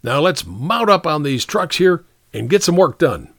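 A man voicing a bullying, loud army captain who sneers and bellows at his troops. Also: fairly high pitch, sing-song, normal speed, no echo, studio quality, pitched above the performer's own voice, full character voice. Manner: bellowing, sneering, uneducated grammar.

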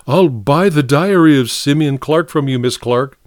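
A man's voice: fairly high pitch, moderate pace, dry recording, pitched above the performer's own voice, close to an everyday voice. An anxious scholarly professor who speaks in a moaning, pleading way, read by a male narrator. Close and dry.

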